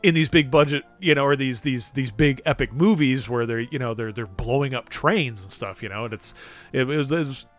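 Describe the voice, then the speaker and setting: A man in a casual movie discussion who speaks haltingly and repeats words as he thinks aloud. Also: mid-range voice, fairly bright tone, faint music behind.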